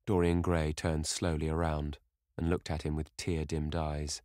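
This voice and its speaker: Male audiobook narrator, deep and measured, dry studio sound. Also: level tone, a little mellow, dry recording. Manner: measured, dramatic reading. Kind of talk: scripted narration.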